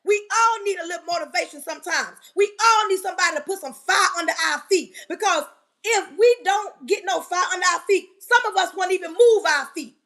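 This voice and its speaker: A woman with a very high voice delivers a fervent motivational talk on a live stream. She preaches at her listeners, drives the same phrase home again and again, and often breaks into a yell. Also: fairly quick.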